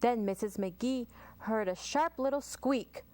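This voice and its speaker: A woman's voice: on the high side, lively intonation, takes it slowly. An American woman, a children's librarian, reading a rhyming picture book aloud at storytime. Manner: warm sing-song read-aloud.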